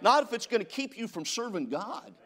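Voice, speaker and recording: Very animated and fairly quick, a middle-aged California pastor preaches in a high, sharp-toned voice. He stammers and restarts again and again while telling stories, and reads scripture in a rising preaching cadence.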